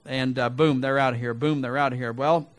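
A man's voice: medium pitch, steady tone, fairly quick. A middle-aged man preaching a sermon, telling a folksy personal story and then asking rhetorical questions. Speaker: pastor.

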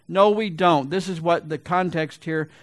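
High-voiced man preaching loudly. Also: a little slow, dry recording. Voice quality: gravelly. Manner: loud, emphatic preaching that swells to big peaks. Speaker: pastor. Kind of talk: sermon.

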